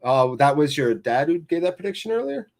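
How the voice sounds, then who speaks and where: An American man hosting a live fan watchalong, calling the play and chatting with viewers in an excitable, chatty way. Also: a little high, fairly quick. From United States.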